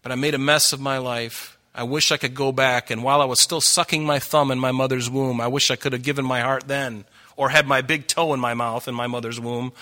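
A man's voice: mid-range voice, steady tone, fairly quick, sharp tone. A middle-aged man preaching a sermon, earnest and pleading, his voice rising for emphasis.

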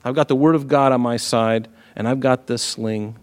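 A man preaching a sermon who works through Bible verses with animated, emphatic storytelling, heard in an echoey hall. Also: mid-range voice, moderate pace, clear, resonant tone.

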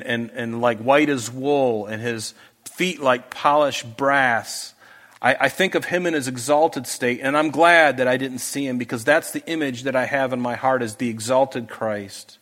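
A man with a medium-pitched, slightly bright voice preaches to a congregation gathered in a church hall. As their pastor, he is earnest and emphatic, confronting listeners with pleading questions.

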